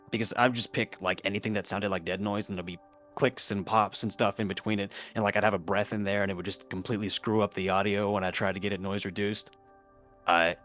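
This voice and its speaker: A man with a fairly low voice chatting as a podcast guest. He laughs often and drops the odd swear. His tone stays loose and easygoing throughout. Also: a bit bright, muffled recording. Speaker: guest voice actor. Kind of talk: casual podcast chat.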